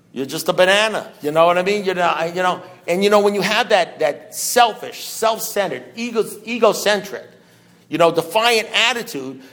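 Man with a high voice, impassioned meeting talk, rhetorical questions, wry humor. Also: fairly bright tone. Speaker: speaker at a recovery meeting. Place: meeting room with an audience.

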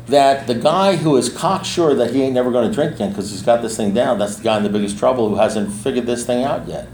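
At a recovery meeting, a sponsor speaks bluntly and in a streetwise way, repeating himself for emphasis. His voice is medium-pitched and dark, and the echoey room carries faint ambience along with a little hiss or hum.

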